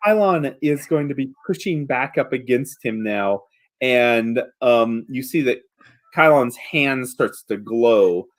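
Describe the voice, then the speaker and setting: A man's voice: mid-range voice, lively intonation, slow. A man narrating scenes as game master of a tabletop game, with frequent hesitant fillers.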